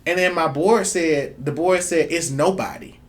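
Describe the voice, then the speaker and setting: A woman's voice: low-pitched, normal speed. A woman co-hosting a spiritual talk show, telling stories animatedly, swearing freely and acting out voices. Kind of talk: casual spiritual chat.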